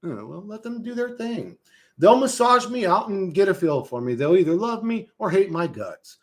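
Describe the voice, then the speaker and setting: A middle-aged man chatting casually on a livestream, reading chat and telling stories in a rambling, profane way that swings between loud and quiet. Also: high voice, big pitch swings, normal speed.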